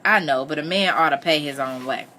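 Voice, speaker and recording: Storybook figure: serious wary teen boy, low, bright tone , read by a woman. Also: a little fast, a little hiss or hum. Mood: cautious. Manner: cautious, plain.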